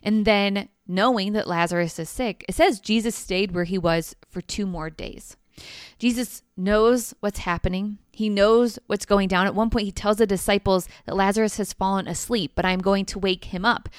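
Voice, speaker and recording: A woman speaking in a gentle, earnest devotional teaching voice. Her tone is smooth and resonant, and the sound is close and dry. She keeps it conversational and personal. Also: medium pitch, moderate pace, dry recording.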